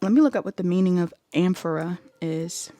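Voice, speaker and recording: A woman's voice: lowish voice, fairly quick, warm tone, no room sound, clean studio sound, faint music behind. A woman giving a casual pick-a-card tarot reading to her viewers, chatty, laughing easily and thinking aloud as she goes. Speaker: tarot reader.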